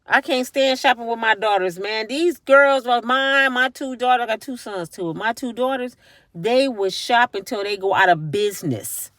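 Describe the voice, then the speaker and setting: A woman's voice: fairly high pitch, moderate pace, a bit bright, no room sound, clean studio sound. A middle-aged woman talking straight to her viewers in a casual vlog, emphatic and tired, from a parked car. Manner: emphatic, talks directly to viewers. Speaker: vlogger.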